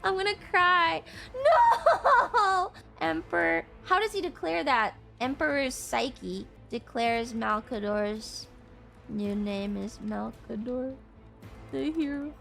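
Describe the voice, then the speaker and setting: A young woman streaming live to her chat, highly emotive, laughing often and swearing freely. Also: expressive, takes it slowly, vocal fry, sharp tone, soft background music.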